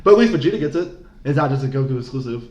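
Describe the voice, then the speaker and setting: Fast-talking man in an echoey room. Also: medium pitch. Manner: fast, profane, animated storytelling. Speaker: podcast co-host. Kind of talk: casual chat. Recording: echoey, dull room audio with faint noise.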